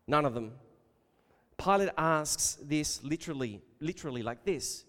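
A man delivers a sermon in a fairly high voice, pressing his listeners with repeated rhetorical questions and calling them beloved. His voice rings out with a long reverb, as if in a large church hall. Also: expressive, moderate pace. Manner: emphatic, building to loud rhetorical questions, addressing listeners as beloved. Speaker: preacher.

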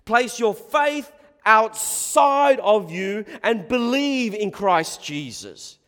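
A man preaching a sermon in short, deliberate phrases with long pauses. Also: high-pitched, very animated, fairly bright tone, long reverb tail.

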